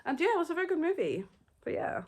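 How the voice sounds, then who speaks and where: A young woman, chatting excitedly and rambling through her favourite movies in a casual vlog. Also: very high-pitched, quick pace. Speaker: vlogger. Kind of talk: casual movie review chat.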